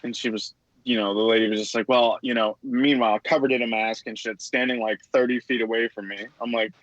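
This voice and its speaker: A man's voice: medium pitch, steady tone, brisk, fairly bright tone, no echo, dull audio. A man co-hosting a podcast, a plumber telling profane stories in casual chat and acting out his customers. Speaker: podcast co-host.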